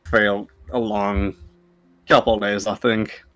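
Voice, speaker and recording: Slow, low-voiced hesitant man. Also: little pitch movement, fairly bright tone. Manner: hesitant, stop-start and laughing. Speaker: player in a tabletop game. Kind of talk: speaking in character in a tabletop game.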